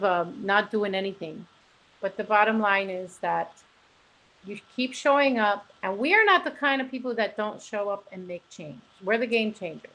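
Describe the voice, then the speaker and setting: A woman's voice: mid-range voice, fairly bright tone, rough recording. A woman on a video call chatting in an earnest, rambling, motivational way about showing up and feelings. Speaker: co-host. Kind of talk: casual spiritual chat over video call.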